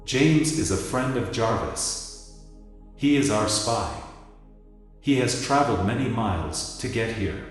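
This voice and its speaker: A man voicing a calm, fatherly Greek mentor who gently scolds and reassures, in a dramatic reading in an echoey hall. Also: mid-range voice, unhurried, lightly acted. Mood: pleading. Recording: echoey hall with music behind.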